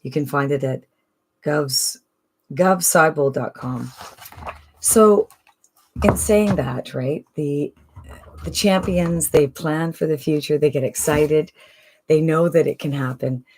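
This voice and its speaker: A woman's voice: low-pitched, slow, pauses often, a little mellow, a little hiss or hum. A woman from Canada talking casually and persuasively about an online business, with lots of rhetorical questions. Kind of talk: casual sales pitch monologue.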